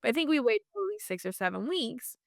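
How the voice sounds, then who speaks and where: A woman guest telling a personal story in a casual interview, chatty and animated, with lots of fillers and restarts. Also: fairly high pitch, fast talker, vocal fry, no echo, studio quality.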